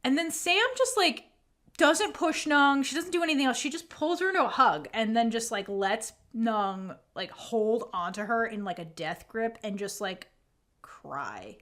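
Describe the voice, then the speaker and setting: Her voice a bit bright and a little high, a female podcast co-host recaps a story at an ordinary pace. She performs the characters' dialogue herself, peppering everything with "like" and offhand swearing.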